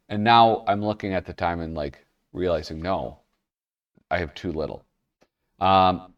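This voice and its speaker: A man's voice: fairly low pitch, expressive, moderate pace, pauses often, far from the mic. A man casually commenting while flipping through an old comic magazine, rambling and cutting himself off mid-thought. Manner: rambling, self-interrupting, chuckling asides. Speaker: comic magazine reviewer, show host.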